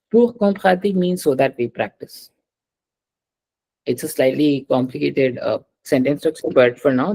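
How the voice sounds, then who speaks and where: A man's voice: mid-range voice, vocal fry, darkish tone, husky, rough recording. A man teaching a French class, patiently drilling pronunciation and slipping into Hindi.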